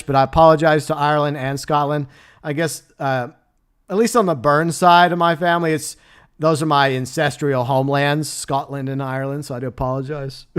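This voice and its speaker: Male stream host, chatty and easygoing, with a clean, smooth voice pitched a little high; laughs often. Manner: chatty, laughs often, answers chat messages. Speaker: livestream host. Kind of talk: casual livestream chat.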